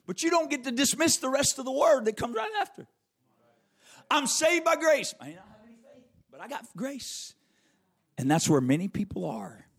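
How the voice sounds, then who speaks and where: A man with a notably high voice delivers a sermon, reading scripture aloud. He leans hard on repeated phrases and stretches key words for emphasis. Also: expressive, a little fast, gravelly, husky. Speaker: preacher.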